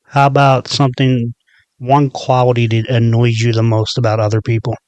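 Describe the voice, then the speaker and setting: A man's voice: mid-range voice, monotone, normal speed, darkish tone, no echo. A man from the Philadelphia area hosting a podcast, asking casual questions and giving short agreeing replies. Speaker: podcast host.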